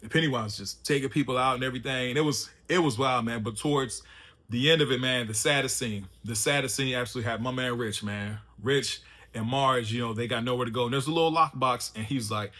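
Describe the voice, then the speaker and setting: A man's voice: mid-range voice, brisk, sharp tone. A man giving a loose, chatty spoken recap of a TV episode, full of slang and fillers. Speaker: TV show reviewer.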